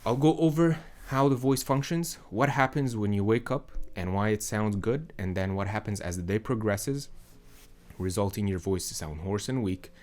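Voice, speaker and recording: Young male voice coach, lowish voice, calm measured teaching delivery. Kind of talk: instructional explainer.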